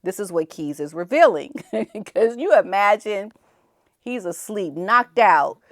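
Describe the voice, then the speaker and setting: A woman hosting a casual commentary show, animated, often laughing and acting out the people she quotes. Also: medium pitch, slow pace, dry recording, studio quality. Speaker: commentary channel host.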